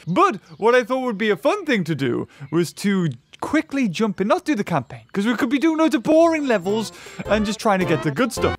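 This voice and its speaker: A man giving excitable gameplay commentary, laughing and yelping at the on-screen action. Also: high-pitched, no room sound. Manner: shrieks and laughs at the action, fast chatter. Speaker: gaming YouTuber.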